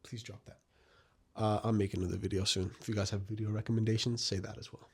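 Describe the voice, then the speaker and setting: A man's voice: lowish voice, little pitch movement, quick pace, darkish tone, slight background noise. A young man giving a casual, earnest spoken essay to his viewers, reflective and direct. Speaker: video essayist.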